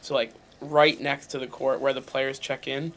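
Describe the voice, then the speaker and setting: A man's voice: mid-range voice, flat delivery, a bit bright. A man in his twenties, a guest on a hot wing interview, joking about himself while talking through bites of spicy food. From Pennsylvania, USA. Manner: joking, self-mocking, quick asides. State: eating spicy wings, talking while chewing. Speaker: interview guest, university staff. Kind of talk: casual chat over a hot wing challenge.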